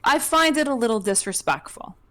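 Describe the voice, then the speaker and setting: A woman's voice: fairly high pitch, animated, a little fast, pushed and bright. A woman from New Jersey co-hosting a podcast, chatting in a playful, sassy way with frequent laughs. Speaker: podcast co-host. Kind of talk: casual chat.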